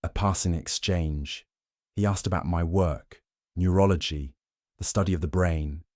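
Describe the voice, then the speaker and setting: A man's voice: low voice, fairly even intonation, a little slow, darkish tone, no echo, clean studio sound. A man voicing a nervous, stiff German doctor in an audiobook, with a clipped German accent. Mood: defensive. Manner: clipped, precise. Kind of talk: audiobook character voice.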